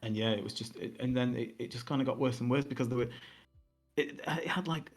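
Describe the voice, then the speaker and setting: A man's voice: mid-range voice, a little fast. A young man co-hosting a podcast, telling a long, casual story full of fillers and mocking quoted voices. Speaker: podcast co-host.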